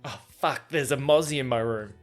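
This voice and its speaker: A man's voice: mid-range voice, normal speed, faint music behind. A young Australian man hosting a casual solo podcast, chatty and rambling, laughing often. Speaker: podcast host.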